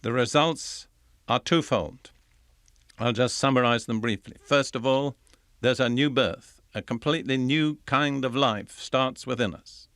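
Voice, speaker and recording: An older man delivers a recorded sermon, reading scripture with measured emphasis and then unpacking it. His voice sits at an ordinary middle pitch. The sound is close and dry, with no room around it. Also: a bit bright, no echo. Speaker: Bible teacher.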